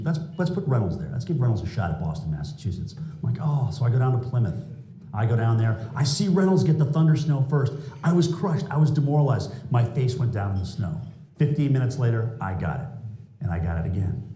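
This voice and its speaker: Animated male speaker telling anecdotes. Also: fairly low pitch, a little hiss or hum. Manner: animated, self-mocking anecdotes. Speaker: TV meteorologist giving a talk. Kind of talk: storytelling keynote talk.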